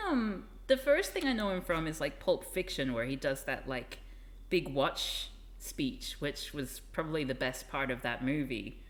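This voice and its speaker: Chatty woman, low and lively. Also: measured pace. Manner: chatty, rambling, lively with laughs and asides. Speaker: streamer. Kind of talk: casual live-stream chat.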